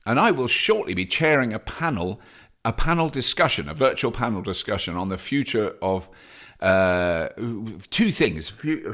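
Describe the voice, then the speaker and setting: Low, animated male podcast host. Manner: enthusiastic, chatty, self-deprecating. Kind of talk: solo news update podcast.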